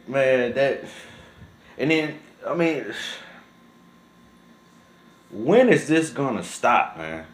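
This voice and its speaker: A young man, talking to camera in casual, emotional commentary. He is upset and indignant and says "man" again and again. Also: sing-song. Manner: drawn-out and low when shaken, rises sharply when angry. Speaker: vlogger.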